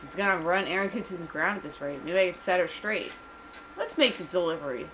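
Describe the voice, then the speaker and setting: Lady reading a blunt tough young gangster dude, gruff and cocky, game dialogue. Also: on the low side, expressive, brisk, a bit bright, a little hiss or hum, poor audio. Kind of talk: voicing game dialogue during a let's play.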